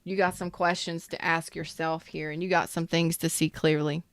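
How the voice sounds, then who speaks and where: Smooth low-voiced woman reading tarot. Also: level tone, normal speed, no echo. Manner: emphatic, repeats herself, talks straight to viewers. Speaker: tarot reader.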